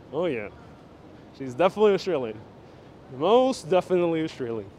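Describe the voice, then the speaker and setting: This host's voice sits high and is expressive and darkish, moving at a moderate pace, with slight hiss or hum from his gimbal-mounted handheld phone. He leads a live walking tour outdoors and into a busy city station, chatting jokily and responding to viewer comments he reads aloud.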